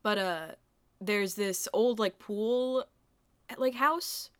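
A woman's voice: mid-range voice, extremely slow, fairly bright tone, clear, resonant tone, no room sound, clean studio sound. Woman, podcast co-host, casual book chat, hesitant, lots of fillers. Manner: hesitant, many fillers, laughs often.

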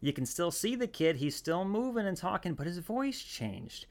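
A man's voice: high-pitched, sing-song, normal speed. A man hosting a podcast, talking in a casual, rambling way with lots of restarts and asides. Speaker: podcast host.

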